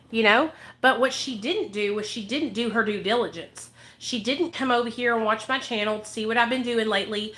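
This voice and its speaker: A woman with a high, bright voice vents to her viewers in a heated vlog rant. She swears freely and repeats herself for emphasis, speaking as someone who helps people in recovery. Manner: angry, profane, emphatic, repeats points. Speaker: recovery advocate vlogger.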